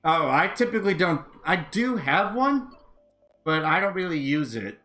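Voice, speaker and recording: A man live-streaming a racing game, chatting casually and reacting with excitable exclamations. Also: a little high, normal speed, soft background music. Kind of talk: casual live-stream chat while gaming.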